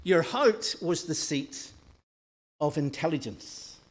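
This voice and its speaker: Man, church sermon, bold emphatic swells, hushed slow lows, fairly high voice. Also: expressive. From northern Ireland. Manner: dynamic preaching, rising loud for emphasis, dropping soft and slow. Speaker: preacher.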